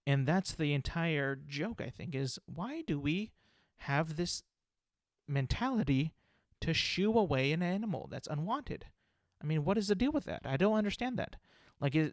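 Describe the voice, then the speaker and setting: A young man talks through a solo comedy podcast with a slightly high-pitched voice. He wanders and hedges with plenty of fillers, poking fun at himself. The sound is dry and close, with no room around it. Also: dry recording. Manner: rambling, filler-heavy, self-deprecating. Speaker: podcast host.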